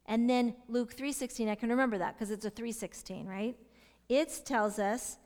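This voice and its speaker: A middle-aged woman teaching a Bible study, asking her listeners questions and sometimes dropping into soft whispers to stress a point. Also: on the high side, fairly even intonation, normal speed. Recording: long hall reverb.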